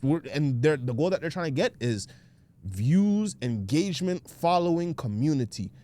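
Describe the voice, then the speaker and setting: A man's voice: a little high, very animated, moderate pace, dark tone. A man, co-hosting a podcast in casual, laid-back, explaining chat. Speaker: podcast co-host.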